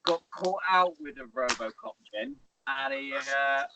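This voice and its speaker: A man hosting a podcast in casual chat, telling stories quickly and swearing freely. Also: a little high, sing-song, vocal fry, far from the mic. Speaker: podcast host. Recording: faint background noise with clicks.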